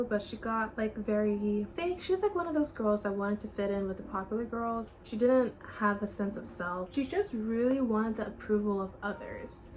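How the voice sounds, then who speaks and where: A woman's voice: on the high side, darkish tone, a little hiss or hum, rough recording. A young woman vlogging, telling candid, gossipy stories in a casual chat. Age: young adult. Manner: chatty, gossipy, candid storytelling.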